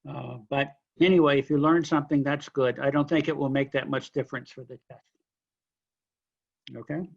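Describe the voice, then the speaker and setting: A man lecturing a linguistics class, explaining question forms slowly with examples and apologizing for being unclear. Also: medium pitch, steady tone, gravelly, highs cut off. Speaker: linguistics instructor.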